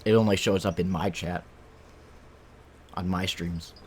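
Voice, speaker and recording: Low-voiced male streamer chatting casually. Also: measured pace, a little hiss or hum. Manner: relaxed, chatty, talks while eating, muses aloud. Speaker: game streamer. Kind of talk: casual stream chat while playing.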